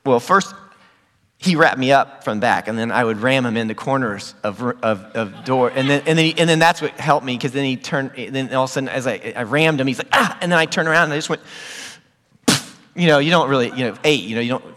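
A middle-aged male pastor giving a sermon, telling a childhood story, an animated storyteller who jumps to loud high squeals when acting out scenes. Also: a little fast. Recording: long hall reverb.

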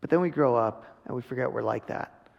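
A pastor in his thirties preaches a sermon in a casual, earnest way, slipping into quoted voices. His medium-pitched voice is creaky and fairly quick, and the muffled recording carries the long reverb of a large hall.

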